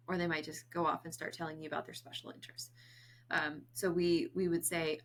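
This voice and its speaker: A bright, lower-pitched woman in her thirties talks through autism diagnosis in a casual, explanatory way. She is chatty, laughs often and acts out little snippets of dialogue. Her tone has a forward, crisp edge. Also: little pitch movement, brisk.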